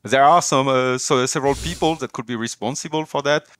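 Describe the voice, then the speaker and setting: A man with a French accent co-hosting a casual livestream chat, pausing often with fillers in English, his second language. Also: medium pitch, a bit bright, dry recording. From France. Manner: hesitant, many fillers, chuckles often. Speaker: co-host.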